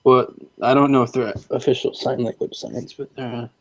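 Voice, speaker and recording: A man's voice: mid-range voice, fairly even intonation, moderate pace. A man in casual chat with friends, joking around and tossing in Spanish phrases.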